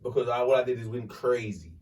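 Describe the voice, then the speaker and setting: A man, hosting a podcast and telling a story in a lively, profane way. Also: medium pitch, fast talker, recorded from a distance. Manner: animated, swearing, acts out voices in his story. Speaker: podcast host. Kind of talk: casual storytelling.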